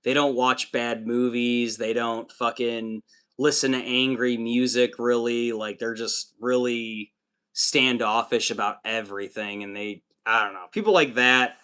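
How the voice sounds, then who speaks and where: A man's voice: medium pitch, fairly even intonation, unhurried, sharp tone, clean tone. A man hosting a livestream, chatting casually with viewers while building miniatures, rambling and swearing often. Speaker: livestream host.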